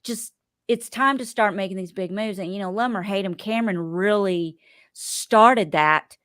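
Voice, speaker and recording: A woman's voice: medium pitch, normal speed, a bit bright, no echo, clean studio sound. A woman hosting a podcast in casual chat, rambling and chatty with many fillers. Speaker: podcast host.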